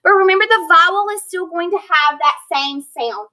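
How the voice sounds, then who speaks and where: A woman teacher giving a recorded phonics lesson, slowly sounding out words and prompting her students. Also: extremely high pitch, lively intonation, pushed and bright, rough recording. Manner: slow, clear modeling of word sounds with praise and prompts.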